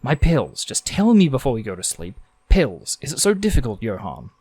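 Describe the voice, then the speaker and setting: A man's voice: huge pitch swings, moderate pace, warm tone, husky, dry recording. A man putting on a nagging, fed-up woman. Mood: exasperated. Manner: shrill, exasperated scolding. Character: nagging frustrated middle-aged woman.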